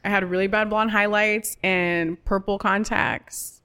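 A woman from the United States, an actress talking as a guest in a casual interview, animated and playful and quick to laugh. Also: mid-range voice, clean tone.

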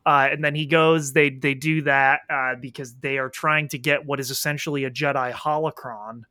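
Podcast co-host, man, bright and lively delivery, dry close sound, swears freely while riffing on a film. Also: mid-range voice, moderate pace, no room sound. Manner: animated, profane, acts out reactions. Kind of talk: casual movie review chat. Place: indoors at home, rain outside.

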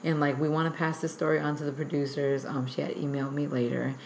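A young woman guest telling a story in a rambling, animated way, full of filler words. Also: low-pitched, quick pace, gravelly, a little hiss or hum. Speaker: guest artist. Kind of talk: animated storytelling in casual chat. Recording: echoey room.

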